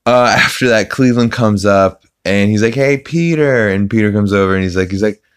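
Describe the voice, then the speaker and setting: A man hosting a podcast, rambling through a casual recap with lots of fillers. His voice sits very low and sounds smooth and clean. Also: flat delivery, fairly quick. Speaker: podcast host.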